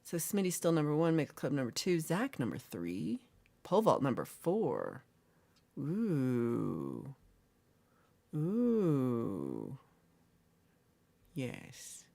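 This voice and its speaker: A woman's voice: a bass voice, huge pitch swings, very slow, vocal fry, pauses often, warm tone. A woman hosting a casual livestream, playfully reading and answering chat comments and teasing her viewers. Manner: jokey and teasing. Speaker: livestream host.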